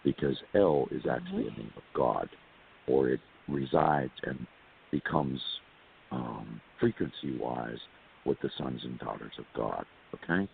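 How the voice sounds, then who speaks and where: Man, very low voice, gravelly, rambling storyteller, tinny phone line with hiss. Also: a little slow. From California. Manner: rambling, repeats words, asides to listeners. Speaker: interview guest. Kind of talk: storytelling interview.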